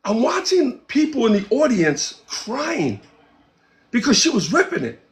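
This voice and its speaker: A man guest in an interview, telling a story in a casual, animated way and acting out the quoted dialogue. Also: very high voice, measured pace. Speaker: interview guest, music producer.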